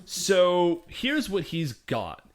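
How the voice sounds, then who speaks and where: A man's voice: high voice, very animated, extremely slow. A man co-hosting a podcast, retelling a TV episode in a rambling, casual way with quoted asides. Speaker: podcast co-host. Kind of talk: casual episode recap chat.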